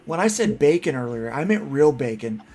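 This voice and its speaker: A man hosting a casual chat, telling rambling, animated stories full of restarts. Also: a little high, moderate pace. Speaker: podcast host.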